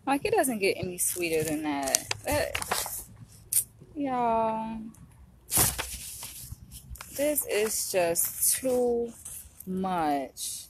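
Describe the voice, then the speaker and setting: A woman's voice: on the high side, big pitch swings, very slow, pauses often, noisy background. A woman vlogging to her viewers, emotional and close to tears, speaking in a heartfelt way and often repeating herself. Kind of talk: emotional vlog to camera.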